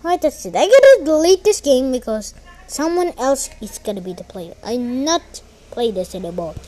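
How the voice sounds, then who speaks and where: A woman giving excitable, giggly commentary while playing a game. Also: high-pitched, moderate pace. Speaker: gamer. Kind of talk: gameplay commentary.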